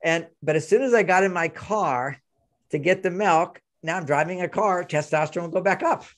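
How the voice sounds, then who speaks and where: An older man, a relationship expert as interview guest, telling animated anecdotes and acting out both sides of the dialogue. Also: sits high, moderate pace. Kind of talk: conversational storytelling interview.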